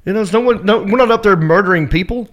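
Animated, chatty comedian man. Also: high-pitched, fast talker, lo-fi sound. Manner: animated, chatty, laughs often, acts out crowd shouts. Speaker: headlining comedian. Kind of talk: casual backstage chat.

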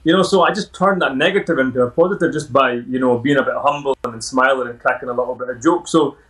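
A man's voice: medium pitch, quick pace, fairly bright tone, poor audio. Scottish male guest, 30s, upbeat anecdotal storyteller, easy mid-range voice. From Scotland. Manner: upbeat, anecdotal, laughs often. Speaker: podcast guest. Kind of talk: casual interview storytelling.

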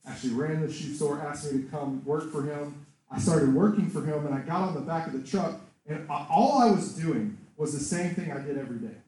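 A man preaching and telling his own story in a mellow, fairly high voice. He tells it in an animated way, the words ringing out through a very echoey room. The mic sits well away from him. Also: recorded from a distance. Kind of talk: sermon with personal testimony.

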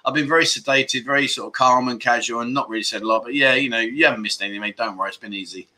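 A man's voice: medium pitch, racing, pushed and bright. A man hosting a casual livestream chat show, reading out viewer comments with lots of laughter and mock-grumbling banter.

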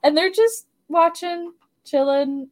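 A woman's voice: extremely high pitch, slow pace. Giggly sarcastic woman podcast host. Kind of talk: casual chat recapping a cartoon.

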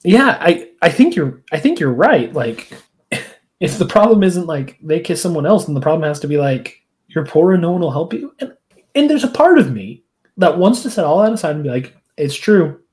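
Animated, mellow-voiced podcast co-host. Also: moderate pace. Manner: animated, laughs often, acts out quoted lines with big pitch jumps. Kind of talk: casual chat.

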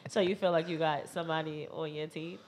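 A woman's voice: low-pitched, steady tone, a little fast, darkish tone, slight background noise. Teasing, blunt woman co-host. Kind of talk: casual podcast chat.

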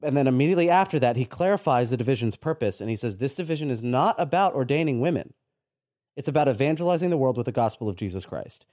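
Halting, agreeable man podcast co-host. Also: medium pitch, lively intonation, a little mellow, no room sound, studio quality. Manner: halting, restarts often, agreeable. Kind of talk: casual discussion.

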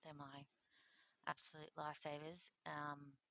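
Lively woman telling her story. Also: sits low, unhurried, gravelly, dry recording. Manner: animated, acts out quoted voices, laughs often. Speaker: interview guest sharing her transplant story. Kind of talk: candid conversational storytelling.

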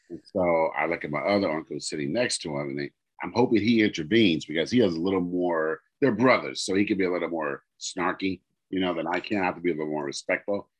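Deep-voiced man telling a story. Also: fairly quick, muffled recording. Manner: animated storyteller, acts out quoted dialogue. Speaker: podcast co-host. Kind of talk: casual chat, storytelling.

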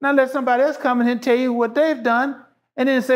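A man's voice: very high-pitched, flat delivery, quick pace. A man, a show guest, talking passionately and emphatically, repeating phrases to drive his points home. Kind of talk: impassioned casual talk.

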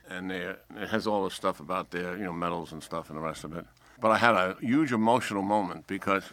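An older man with a slight New York accent, a four-star general telling a lively anecdote as a podcast guest and acting out the voices of people in the story. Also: sits low. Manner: lively storyteller who acts out quoted voices.

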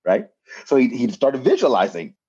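Man, casual chat, deep mellow tone, lively pitch, dull lo-fi sound. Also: normal speed, husky. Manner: animated storytelling, frequent "right?". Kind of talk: casual conversation.

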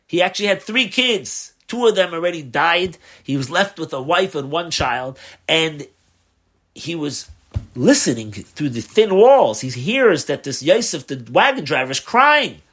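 A man's voice: fairly high pitch, unhurried. A man, a rabbi, telling a story in a loose lecture style and acting out the dialogue. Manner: animated, acts out the dialogue; loose, with fillers.

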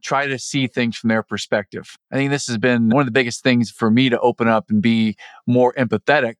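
A man hosting a podcast, giving measured, reflective coaching advice in an earnest tone. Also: mid-range voice, fairly even intonation, clean tone, dry recording. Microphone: podcast microphone over the internet.

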